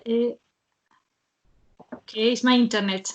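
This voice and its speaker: A woman hosts a casual online webinar over a video call. Her voice sits fairly high, and her speech comes in halting bits with many fillers and restarts. She laughs often between phrases. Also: fairly even intonation. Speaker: webinar host.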